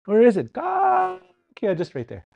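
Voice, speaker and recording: A middle-aged man teaching a livestreamed language class, repeating words slowly, chanting song lines and laughing often. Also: medium pitch, lively intonation, no echo, dull audio.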